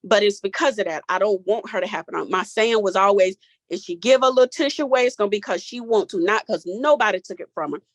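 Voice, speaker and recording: Sharing her personal story in a group talk, a woman in her forties speaks candidly and casually with a Southern tinge, her voice cracking as she holds back tears. Her voice is mid-range and fast, with no room sound.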